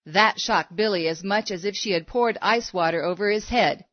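Female storybook narrator, steady and measured, dry and dull lo-fi recording. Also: mid-range voice, no echo.

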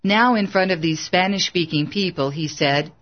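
An audiobook narrator reads in an even, measured way. The voice sits at a medium pitch. The recording is a bit dull and lo-fi.

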